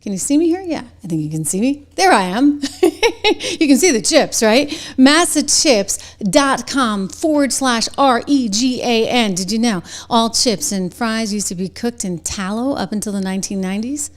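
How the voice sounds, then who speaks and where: A woman with a New England accent hosting a commentary show, talking in a chatty, animated way and laughing between points. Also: fairly high pitch, normal speed. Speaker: show host. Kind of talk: commentary with a sponsor read.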